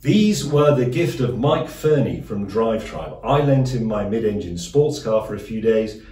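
Dry, deadpan man in echoey room. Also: fairly low pitch. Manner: deadpan, self-mocking asides, slow deliberate pauses. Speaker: cooking show host. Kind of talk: dry, wry solo cooking chat. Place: small underground kitchen, alone. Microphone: phone and tablet cameras set up in the room. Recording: echoey room, mic at a distance.

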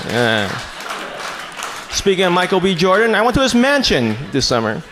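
Male stand-up comic with a lively delivery. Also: high-pitched, moderate pace, crowd noise. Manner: deadpan self-mocking delivery with sudden shouted punchlines. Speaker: stand-up comedian. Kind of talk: stand-up comedy set. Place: small comedy club stage. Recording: noisy comedy club ambience.

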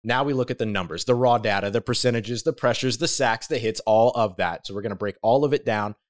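A man hosting a solo sports talk podcast, speaking with energy and emphasis, with big swings in pitch and loudness and casual self-corrections. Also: brisk. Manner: conversational, with fillers and self-corrections.

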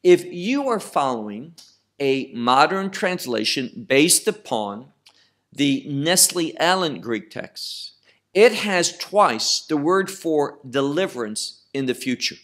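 A middle-aged male Bible teacher with a somewhat high voice that rises and falls a great deal. He speaks slowly and with emphasis, repeating phrases for stress as he works through a text verse by verse. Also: sing-song, a bit bright.

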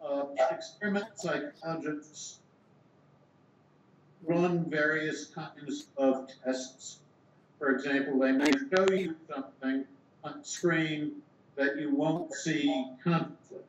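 An older man, a philosopher being interviewed, explaining ideas in a measured way and thinking aloud with small restarts. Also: fairly high pitch, distant mic. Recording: echoey room, dull sound, background hiss.

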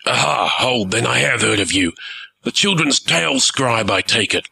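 A man voicing a gruff, blustering pirate airship captain who barks orders. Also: medium pitch, lively intonation, normal speed, sharp tone, voice pushed up, heavily acted.

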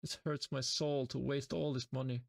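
A young Swedish streamer talks to himself and his chat while playing a game live, sounding exasperated and poking fun at himself. He has a Swedish accent and a creaky, medium-pitched voice with flat delivery at a moderate pace. The audio is studio quality with no room sound.

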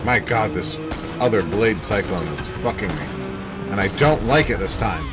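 A man's voice: on the low side, expressive, moderate pace. A man chatting casually with friends while gaming, joking around. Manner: jokey, puts on silly voices for bits. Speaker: gaming co-host. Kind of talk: casual chat while playing a game. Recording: voice chat with game music behind.

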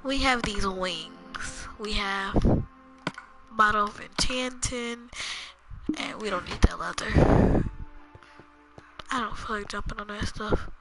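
A young woman giving a rambling, casual walkthrough of a video game, talking low with a sore throat and sudden loud bursts. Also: slow pace, long pauses. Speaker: gamer. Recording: loud music behind voice.

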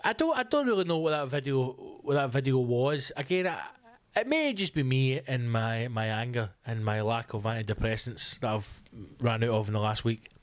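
A man's voice: medium pitch, animated, normal speed, no room sound. A man hosting a podcast, ranting comically with sarcastic swearing asides. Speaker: podcast host. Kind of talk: comic rant. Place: home room.

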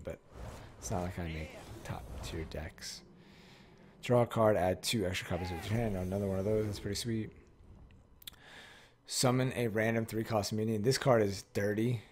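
A man's voice: on the low side, a little mellow, a little hiss or hum. A man giving casual, rambling commentary while opening card packs, often correcting himself and swearing freely. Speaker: card game pack-opening streamer.

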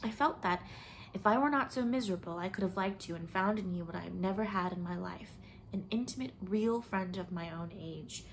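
A woman's voice: medium pitch, fairly quick, a little hiss or hum, natural voice. Troubled young woman, emotional, breaks into whispers as a woman reads her part. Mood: anguished. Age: young adult. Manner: emotional, at times dropping to a whisper.

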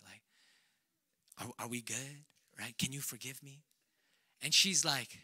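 Young guy pastor, high bright voice, chatty sermon, goes quiet and soft on the emotional bits, dry close mic. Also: measured pace, pauses often, no echo. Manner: conversational, acts out quoted dialogue, drops to a hush for tender lines.

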